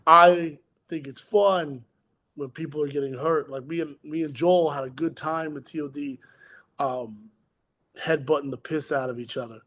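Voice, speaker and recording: A man's voice: on the high side, steady tone, moderate pace, a bit bright. A man, a pro wrestler guest, chatting in a casual podcast interview with brash, boastful trash talk and amused storytelling.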